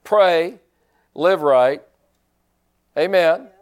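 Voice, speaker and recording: A man's voice: fairly high pitch, very slow, smooth. A man preaching a sermon in a folksy, joking way, restarting his sentences often. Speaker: pastor.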